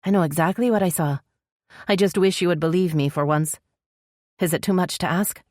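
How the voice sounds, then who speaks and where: Woman playing a young elf princess, insistent, pleading, higher than the narration, dry close audiobook. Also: brisk, a little mellow, dry recording, close to an everyday voice.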